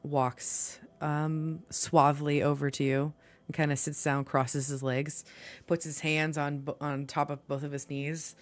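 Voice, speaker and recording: Low-voiced woman narrating her game character. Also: flat delivery, a little slow. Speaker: tabletop game player. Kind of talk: describing character actions in a tabletop game.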